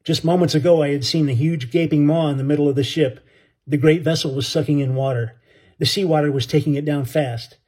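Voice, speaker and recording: A man's voice: on the high side, steady tone, fairly quick, a little mellow, husky. A man narrating an audiobook story in an earnest, dramatic way.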